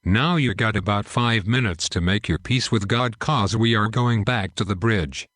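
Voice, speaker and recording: Male narrator playing a blunt sergeant barking orders, low and plain. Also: moderate pace, a bit bright, no echo, clean studio sound. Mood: stern.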